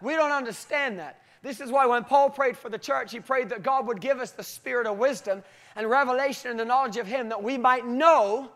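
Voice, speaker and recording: A man preaching a sermon with animated storytelling and emphatic, halting restarts. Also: very high-pitched. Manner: animated storytelling, often breaking into acted voices.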